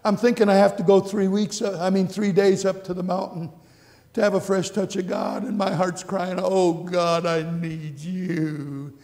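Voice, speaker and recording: In a church sanctuary, a high-pitched pastor gives a sermon with personal testimony, his words fading into long reverb. His delivery is flat and at normal speed, yet he earnestly repeats phrases and swings from hushed lines to bursts of exclamation.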